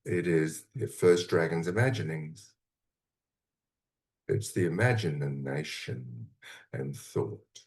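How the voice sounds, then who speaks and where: Deep-voiced man guiding a slow meditation. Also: gravelly, a little mellow. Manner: slow, soothing, with long pauses between phrases. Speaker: mentor leading a guided meditation. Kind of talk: guided meditation.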